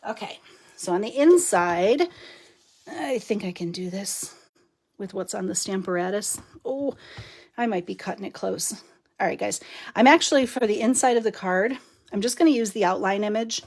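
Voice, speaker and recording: A woman's voice: medium pitch, lively intonation, normal speed, darkish tone, slightly rough. A middle-aged woman giving a chatty live card-making demonstration, talking to viewers while she works and laughing often. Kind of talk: live stream craft demo.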